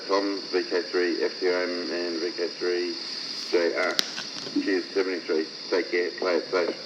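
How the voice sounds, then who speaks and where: A man chatting easily on an amateur radio net. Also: low-pitched. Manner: chatty, easygoing. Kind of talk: casual amateur radio chat. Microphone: ham radio transceiver mic. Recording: very noisy radio transmission.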